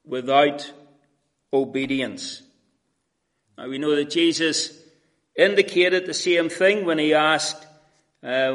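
A man preaching an expository sermon, addressing his listeners as friends, with frequent pauses and fillers. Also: fairly high pitch, a bit bright.

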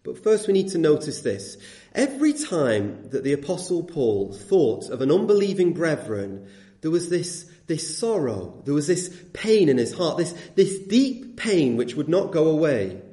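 Male preacher, earnest sermon delivery, mellow tone, echoey room. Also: on the high side, big pitch swings, a little slow. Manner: earnest, emphatic, rhetorical questions.

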